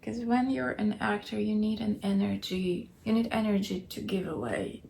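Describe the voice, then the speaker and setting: A weary woman keeping a late-night video diary at home, talking softly and often dropping into a whisper. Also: medium pitch, animated, moderate pace, creaky, slight background noise. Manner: soft, tired, often drops to a whisper. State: weary, low on energy.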